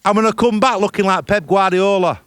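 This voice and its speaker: The voice is a man's: high, fairly quick, a bit bright and smooth, recorded at studio quality with no room sound over a remote call. He's a podcast host reporting from abroad, telling comic travel stories in a broad, swaggering way with plenty of swearing.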